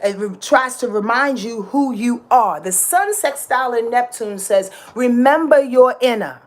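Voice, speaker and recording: A woman's voice: on the high side, lively intonation, unhurried. A woman giving a casual astrology talk, passionate and dramatic, emphatic and repetitive, with slang and swearing. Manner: profane and slangy.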